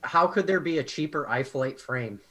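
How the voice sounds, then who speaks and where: A man's voice: fairly high pitch, expressive, moderate pace, pushed and bright. A man chatting casually on a live hobby show, blunt and laid-back, swearing freely. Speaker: co-host. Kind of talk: casual chat.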